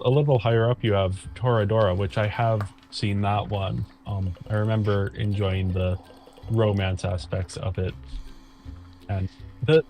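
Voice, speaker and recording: Low-voiced easygoing man. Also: darkish tone. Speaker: co-host. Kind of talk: casual chat.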